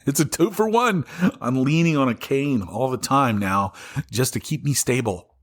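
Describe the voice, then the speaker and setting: A man's voice: mid-range voice, expressive, normal speed. Southern guy ranting on his podcast, fed up and swearing a lot, solo political commentary. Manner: angry, profane, exasperated ranting. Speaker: podcast host.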